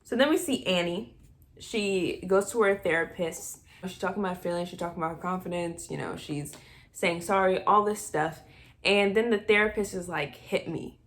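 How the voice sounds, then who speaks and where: A woman casually retelling a film plot with animated, exasperated asides. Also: fairly low pitch, moderate pace. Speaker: movie recap vlogger. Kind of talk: casual movie recap.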